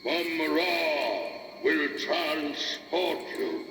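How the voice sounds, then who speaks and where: A man voicing a cunning, smooth-talking undead male sorcerer on a storybook record. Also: on the high side, very slow, sharp tone, faint music behind, voice pushed up, exaggerated voice. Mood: scheming. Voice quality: smooth, murmuring. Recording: echoey distant reverb.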